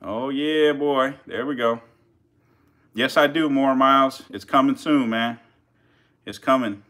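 Excited man hyping up a feeding. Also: medium pitch, unhurried. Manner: excited, swearing, chatty with viewers. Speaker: reptile keeper streaming feedings. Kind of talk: casual live-stream commentary.

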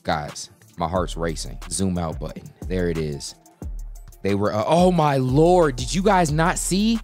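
A man giving live commentary on his own basketball video game, slangy and full of trash talk, breaking into excited yells. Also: fairly low pitch, unhurried, faint music behind. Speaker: gaming YouTuber.

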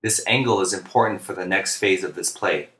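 A man, a basketball coach, narrating instructional plays in a flat, deliberate monotone, speaking clearly. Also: low voice, echoey room. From United States. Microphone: home recording for narration.

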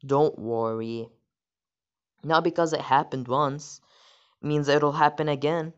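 A woman reading the lines of a gentle father who calmly reassures his son, in her own voice. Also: low voice, slow pace. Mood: reassuring. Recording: dull lo-fi audio.

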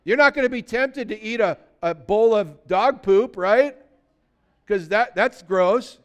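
Pastor guy preaching, high clear voice, chatty, asks the crowd lots of questions. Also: unhurried, lo-fi sound. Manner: conversational, full of rhetorical questions. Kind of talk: sermon.

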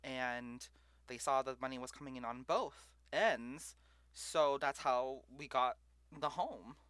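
A man's voice: medium pitch, slow, a bit bright, smooth, no echo. A man hosting a live stream, thinking aloud with lots of fillers and asking his viewers questions. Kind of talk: casual live stream chat.

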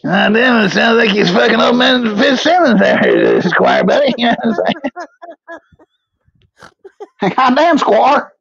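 A man's voice: very high voice, wildly swooping pitch, normal speed, gravelly, a bit bright, breathy edge, no echo, pitched above the performer's own voice, exaggerated voice. A man voicing a rowdy, rambling country man who slips into a put-on Irish accent, cursing and jeering in a muffled lo-fi recording.

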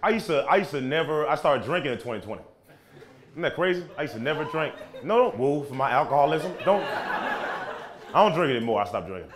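A man from the United States doing a fast, animated stand-up set on stage, jumping into loud silly voices. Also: a little high. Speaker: stand-up comedian. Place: stage in a theater. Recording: live show with crowd laughing. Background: audience laughter and cheers.

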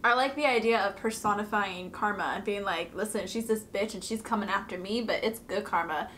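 A woman's voice: mid-range voice, a little fast, fairly bright tone, reverberant, a little hiss or hum. A woman hosting a music reaction, chatting casually, swearing freely and laughing often. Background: faint music playing.

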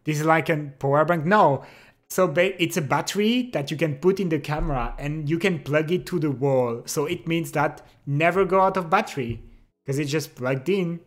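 A young man chatting casually with his stream chat, relaxed and giggly. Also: on the high side, moderate pace. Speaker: livestreamer. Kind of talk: casual chat reading and answering viewer chat.

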